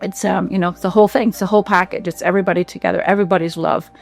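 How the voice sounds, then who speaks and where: A woman who founded a clinic, giving a heartfelt, emotional testimonial with halting fillers and repeats. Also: on the low side, steady tone, gravelly, soft background music.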